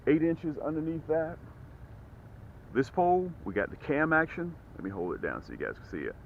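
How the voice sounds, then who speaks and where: A man hosting a fishing vlog from his boat, folksy and excitable, with a lively voice that swings up and down. The sound is thin and phone-like, with faint hiss in the background. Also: a little high. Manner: excitable, whoops when fish bite, folksy talk. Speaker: fishing channel host. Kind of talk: casual on-the-water fishing vlog. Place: outdoors on a boat. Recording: phone-like lo-fi audio with faint noise.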